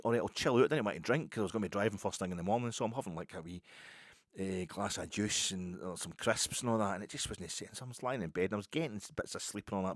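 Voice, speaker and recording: Husky fast-talking Scottish man. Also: fairly low pitch, dry recording, studio quality. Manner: rambling, chatty storytelling with many restarts. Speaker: podcast host. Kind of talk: casual podcast monologue.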